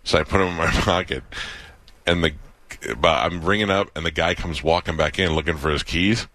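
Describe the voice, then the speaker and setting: Man, radio co-host, deep, quick, bright voice, dry studio sound, animated storyteller. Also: no echo. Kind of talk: casual radio banter, storytelling.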